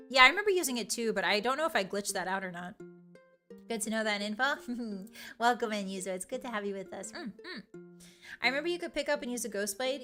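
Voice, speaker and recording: A woman's voice: medium pitch, bright, forceful tone. A young woman streaming live, chatting casually and reading her chat, playful, giggly and teasing. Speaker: virtual streamer.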